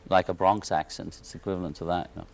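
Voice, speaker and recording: A guest musician from Liverpool, England, with a Liverpool accent chats casually on a television talk show set, wry and joking and laughing often. His voice is low-pitched and creaky, fairly even in intonation, and quick.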